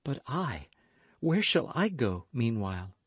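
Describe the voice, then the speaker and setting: A man's voice: mid-range voice, big pitch swings, slow, a bit bright, husky, dry recording, heavily acted. A man voicing an anxious, frightened young Frenchwoman in an audiobook reading, speaking urgently and pleadingly.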